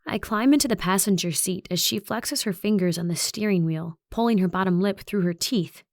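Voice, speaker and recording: A woman narrating a young adult horror audiobook in the first person, with an even, reflective delivery. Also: mid-range voice, fairly quick, dry recording, clean studio sound.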